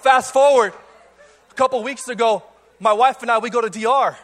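A young adult man, a pastor, telling a playful story in a sermon to a church congregation, energetic and full of quick restarts. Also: extremely high pitch. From Cuban. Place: church auditorium before a congregation.

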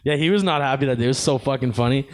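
A man co-hosting a podcast, telling stories in animated, laughing banter on a handheld mic. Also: medium pitch, very fast. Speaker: podcast co-host. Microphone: handheld mic on stand.

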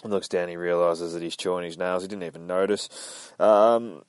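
A man's voice: sits low, steady tone, moderate pace, clear, resonant tone, no echo. A man casually narrating a comic book page by page, rambling and swearing, often laughing. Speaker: comic book podcast host. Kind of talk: casual comic read-along.

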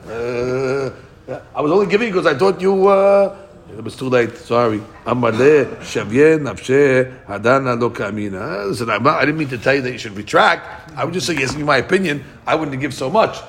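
Male Talmud teacher, gravelly voice, animated, faint hiss. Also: mid-range voice, moderate pace. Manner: animated, voice jumps up when acting out speakers; mixes Aramaic reading with English explanation. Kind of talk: Talmud class, reading and explaining.

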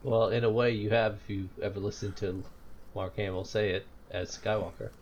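A man's voice: fairly low pitch, fairly even intonation, moderate pace, muffled recording, a little hiss or hum. A man co-hosting a podcast, making dry, wry remarks. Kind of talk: casual podcast chat.

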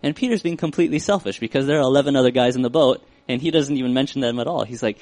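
A man's voice: mid-range voice, animated, rapid-fire, few pauses, a little mellow, no echo. A man giving a casual, conversational Bible teaching, thinking aloud with fillers and correcting himself as he goes.

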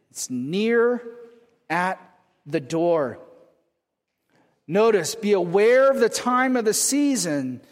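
A man from California preaching a sermon in a conversational way, often checking in with the congregation with "right?". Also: high-pitched. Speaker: pastor. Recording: long hall reverb.

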